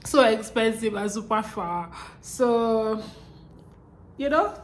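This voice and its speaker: A woman's voice: on the high side, lively intonation, slow. A young woman with a Nigerian accent, talking casually to her viewers in a chatty vlog and often tagging her lines with "okay?". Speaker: vlogger.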